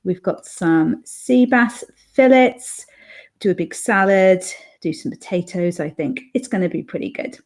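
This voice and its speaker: A woman's voice: on the low side, lively intonation, measured pace, darkish tone. A middle-aged woman, casually chatting on her live stream and reading out viewer comments, with lots of fillers. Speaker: author and livestream host.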